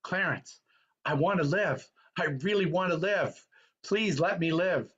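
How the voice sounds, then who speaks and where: Man putting on a jubilant, emphatic reawakened family man, pitched way up, dull recording. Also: a little slow, a bit bright, breathy edge. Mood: pleading. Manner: emphatic, breathless with joy. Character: grown man overjoyed, newly awakened to life.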